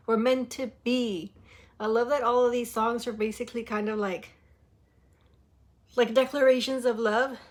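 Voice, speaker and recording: Gushing young woman with a bright, high voice. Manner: gushing and excitable, full of filler likes. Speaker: music reaction host. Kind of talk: casual reaction chat.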